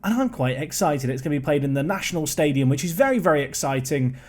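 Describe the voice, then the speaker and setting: A young man giving casual, chatty commentary on a football management game, excitable and prone to rambling asides. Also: a little high, fast.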